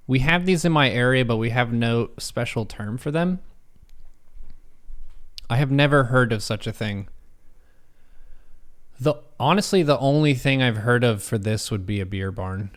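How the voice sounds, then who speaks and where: A young American man casually reading quiz questions aloud on a live stream, joking and swearing as he answers. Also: lowish voice. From United States.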